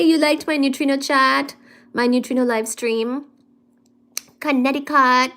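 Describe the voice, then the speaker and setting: A woman's voice: high voice, steady tone, measured pace, long pauses, a bit bright. Playful woman chatting with live stream viewers. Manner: playful, chatty, greets viewers and reads comments aloud; affectionate, calls viewers "darling".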